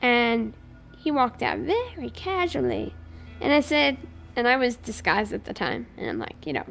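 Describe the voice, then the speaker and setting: Gravelly woman roleplaying a cop. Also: on the high side, moderate pace, faint music behind. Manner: animated, recounts events acting out both sides of the dialogue. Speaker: streamer playing a police officer in a roleplay server. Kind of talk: in-character roleplay storytelling.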